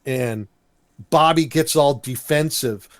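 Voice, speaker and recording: A man's voice: a little high, slow, no room sound. A man co-hosting a podcast, recapping a cartoon episode in casual chat and acting out the characters' lines. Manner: animated storyteller, acts out character lines. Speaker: podcast co-host.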